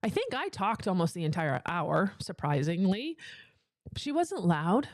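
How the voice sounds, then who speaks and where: A woman's voice: on the low side, very animated, a little slow, dry recording. Emphatic motivational woman, dry close mic. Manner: emphatic, repetitive motivational cadence; casual, chatty asides. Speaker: business coach for female entrepreneurs. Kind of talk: motivational livestream talk. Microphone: close microphone.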